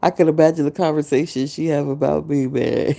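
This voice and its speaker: Woman podcaster w a low gravelly mellow voice, animated storytelling. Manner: animated storytelling, acting out others' quotes, frequent laughter. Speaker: podcast host. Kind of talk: casual monologue. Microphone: podcast mic.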